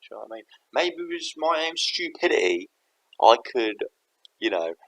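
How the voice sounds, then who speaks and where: A man's voice: medium pitch, sing-song, normal speed, creaky, a bit bright, low-quality recording. A man thinking aloud to camera in a rambling, self-interrupting way. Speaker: vlogger.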